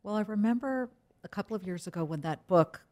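A middle-aged woman, a news anchor, speaking as an interview guest in an emphatic, quick-witted way. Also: mid-range voice, animated, warm tone. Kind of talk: conversational interview.

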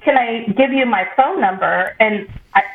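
Woman, podcast co-host, casual storytelling, lively quoted voices, echoey tinny phone-like sound, faint noise. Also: fairly high pitch, moderate pace, creaky. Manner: animated, quoting others in lively voices.

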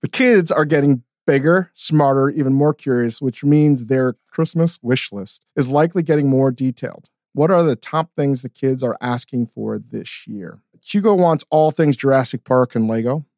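A middle-aged man hosting a podcast, chatting casually and telling stories with animated, mock-outraged emphasis. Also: mid-range voice, normal speed, few pauses, dry recording, clean studio sound. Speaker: podcast host. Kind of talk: casual chat.

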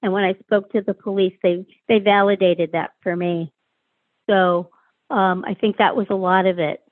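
A woman's voice: medium pitch, fairly even intonation, moderate pace, no room sound. A woman in her sixties giving a candid, frank personal interview as a guest, speaking with many hesitations. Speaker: guest, sister of a murder victim. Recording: tinny phone-line sound, dry.

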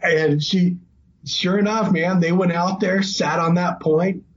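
A middle-aged man telling a hunting story casually, breaking into animated, excited quotes. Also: sits high, a little slow, muffled recording, a little hiss or hum. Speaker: hunting guest.

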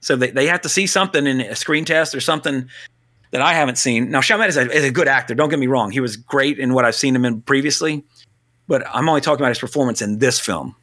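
A man co-hosting a casual film talk, blunt and animated, swearing now and then. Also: mid-range voice, quick pace. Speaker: podcast co-host.

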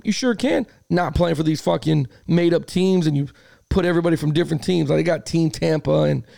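A man hosts a casual sports podcast in a high, gravelly voice. He tells his stories with plenty of swearing and acts out both sides of each argument. The sound is dry and close. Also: quick pace, dry recording. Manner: animated storyteller, swears a lot, acts out arguments. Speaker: podcast host; youth football coach.

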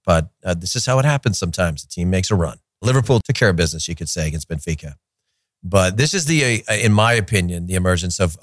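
A man's voice: fairly low pitch, no echo, clean studio sound. Chatty man hosting a soccer podcast. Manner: chatty and opinionated, joking rants. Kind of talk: casual solo commentary.

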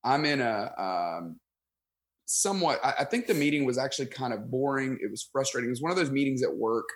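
A man, a pastor guest on a podcast, telling a story in casual conversation, self-deprecating and animated, acting out his own thoughts. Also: medium pitch, fairly quick. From United States.

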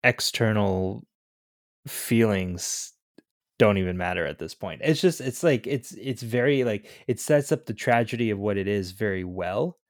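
Chatty podcast co-host, dry sound. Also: male voice, on the low side, expressive, measured pace, no echo. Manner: chatty, jokey, hedging with fillers. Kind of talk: casual movie discussion.

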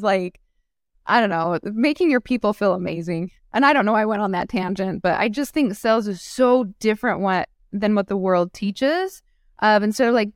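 A woman entrepreneur with a slightly high voice chats casually as an interview guest, performing the quoted lines in her stories and laughing frequently. The studio-quality recording has no echo.

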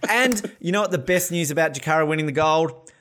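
An Australian man hosting a casual chat, excitable and swearing, bursting into shouts and laughter. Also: on the high side, fairly quick. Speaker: podcast host. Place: hotel room.

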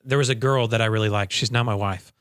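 A young adult man co-hosting a podcast, speaking in a reflective, measured way and telling personal stories. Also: fairly low pitch, steady tone, a bit bright, clean tone, dry recording, studio quality. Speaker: podcast co-host. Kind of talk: casual podcast conversation.

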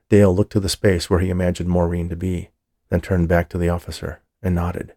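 Deep gravelly male audiobook narrator. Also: level tone, a little fast, mellow, dry recording, clean studio sound. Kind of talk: scripted narration.

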